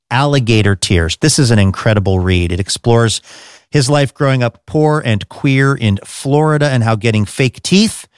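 A man's voice: mid-range voice, smooth, no echo. Male radio host, dry studio sound. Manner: upbeat, conversational reading of previews. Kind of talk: scripted radio hosting.

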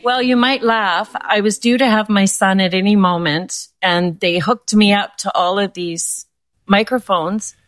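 A woman's voice: mid-range voice, fairly even intonation, measured pace, a bit bright, dry recording. An older woman, a guest in an interview, speaking candidly and with feeling. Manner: candid and heartfelt. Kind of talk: emotional interview.

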